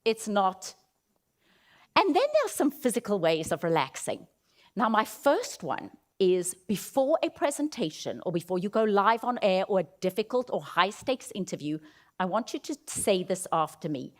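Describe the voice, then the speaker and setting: A woman's voice: on the low side, sing-song, normal speed. A woman giving a motivational keynote talk in an auditorium, leading the audience through vocal exercises. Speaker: keynote speaker. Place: auditorium stage.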